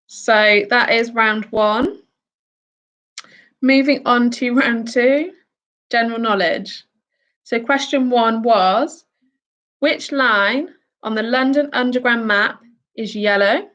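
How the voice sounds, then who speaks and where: A British woman with a slightly high, somewhat bright voice hosts a casual quiz, reading each question and answer aloud and adding chatty asides.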